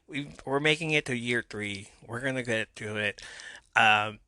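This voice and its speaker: Talking alone on his wrestling podcast, this host meanders, mocks himself, and leans heavily on fillers and restarts. His mid-range voice sounds pushed and bright, at a measured pace with no room sound.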